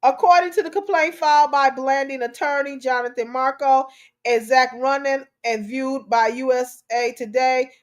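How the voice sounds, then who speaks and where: A woman's voice: high voice, fairly even intonation, moderate pace, clear, resonant tone. A middle-aged woman hosting a talk show, giving emotional commentary on a news story, preachy and impassioned and repeating herself.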